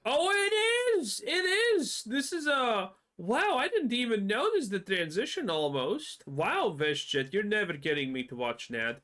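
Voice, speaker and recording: A man reacting to a video on stream, mocking and profane, his voice jumping up when excited. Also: high voice, unhurried, hardly any pauses. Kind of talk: casual reaction commentary.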